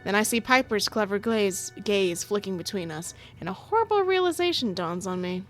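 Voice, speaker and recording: A woman's voice: medium pitch, expressive, moderate pace, hardly any pauses, a bit bright, faint music behind. An American woman reading a visual novel aloud as the main character, with giggly, playful asides. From United States. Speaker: gaming streamer.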